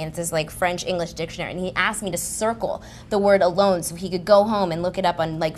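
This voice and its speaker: A woman's voice: on the low side, a little hiss or hum. A woman guest on a comedy game show, telling a self-mocking story in a chatty way with giggles. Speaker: celebrity guest. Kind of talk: comic anecdote on a game show.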